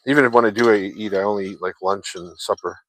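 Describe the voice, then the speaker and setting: A man's voice: fairly low pitch, fairly quick, background noise. A man chatting casually with viewers while he works, rambling from topic to topic and swearing freely. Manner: loose, chatty, swears freely, laughs often.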